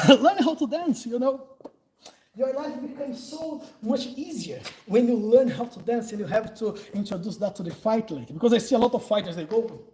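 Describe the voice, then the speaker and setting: A man's voice: high voice, lively intonation, normal speed, darkish tone, a little hiss or hum, low-quality recording. A man in his forties from Brazil with a Brazilian Portuguese accent, speaking English as a second language, chatting loosely about self-defense and laughing often. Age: 40s. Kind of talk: casual live Q&A and instruction.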